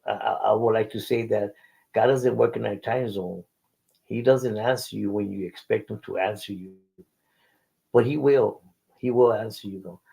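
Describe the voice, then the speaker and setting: A man's voice: lowish voice, creaky, darkish tone, breathy edge, muffled recording. A middle-aged man casually telling his life story in an interview, using street slang and Spanish words and often repeating himself.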